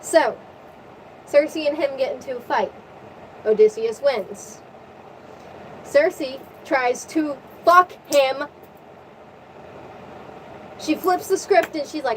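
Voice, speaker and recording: A young woman retelling a story in casual, crude, excitable slang. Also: sits high, takes it slowly, long pauses. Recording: distant mic with faint vehicle noise.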